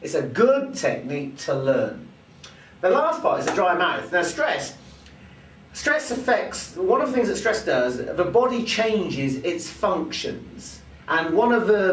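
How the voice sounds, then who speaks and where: A man teaching presentation skills, acting out the vocal examples he explains. His voice runs a little high and swings widely in pitch. He is recorded from some distance in a roomy space with a faint ambient hum behind him. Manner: demonstrative, acts out vocal examples. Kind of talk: teaching with spoken demonstrations.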